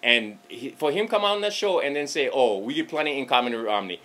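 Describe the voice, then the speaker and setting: A man's voice: medium pitch, expressive, a little fast, few pauses, a bit bright. A man with a Hawaiian Pidgin accent, ranting casually to camera about politics, joking and swearing freely. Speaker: political vlogger.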